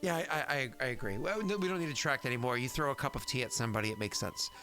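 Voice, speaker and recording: A man in his thirties runs a tabletop game with a bright, lively tone over faint background music. He rambles through fillers and restarts as he talks casually and slips into character speech. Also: medium pitch, very fast. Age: 30s. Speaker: game master.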